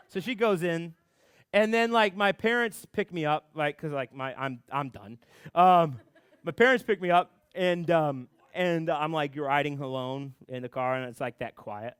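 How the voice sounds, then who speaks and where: A young man gives a youth group talk as a pastor, his voice sitting high for a man. He tells stories in an animated way, with plenty of fillers and restarts. The sound is dry, with almost no room echo. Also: normal speed, clear, resonant tone. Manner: animated storytelling with many fillers.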